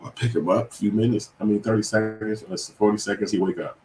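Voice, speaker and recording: A middle-aged man with a very low voice tells a story in a loose, profane, rambling way, often starting a sentence over. He sounds roomy and a little distant from the mic, with faint ambience behind him. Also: steady tone, quick pace, a little mellow. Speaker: commenter telling a personal story. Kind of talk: casual storytelling.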